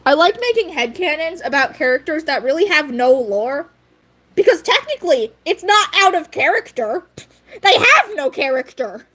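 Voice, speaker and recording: A woman's voice: high voice, sing-song, normal speed, fairly bright tone. A woman streamer chatting casually with her viewers, giggly and rambling, with frequent fillers. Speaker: livestream host. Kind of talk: casual livestream chat.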